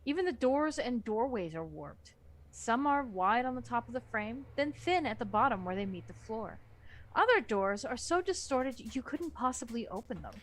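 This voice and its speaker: A woman's voice: a little high, normal speed, a little hiss or hum. A woman reading a horror novel aloud for a book club, narrating expressively. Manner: expressive narration with lively swings.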